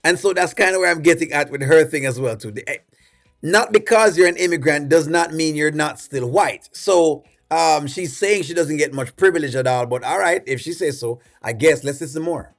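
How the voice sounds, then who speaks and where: A man's voice: fairly high pitch, moderate pace, vocal fry. A man with a Jamaican accent hosting a reaction video, giving rambling, opinionated commentary full of fillers. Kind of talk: casual commentary.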